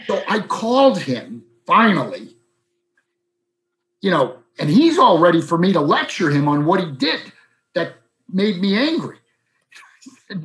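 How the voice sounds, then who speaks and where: A middle-aged man from South talks through personal stories as an interview guest. His voice sits a little on the high side for a man. He slips into quick, raised impressions whenever he repeats what his friends told him. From South Boston, USA. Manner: animated, acts out quoted friends in raised voices. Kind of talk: conversational storytelling.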